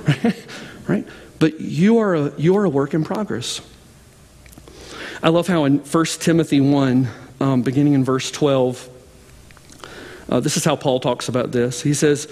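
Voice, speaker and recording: Pastor preaching in a reverberant hall. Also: male voice, on the high side, unhurried, pauses often, a little mellow. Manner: conversational, frequent "like" and restarts. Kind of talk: sermon. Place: church sanctuary with balcony.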